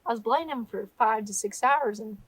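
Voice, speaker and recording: Chatty woman with a high voice. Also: husky, no room sound, rough recording. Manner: rambling, halting, laughs often. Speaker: climber telling her story. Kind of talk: casual interview chat.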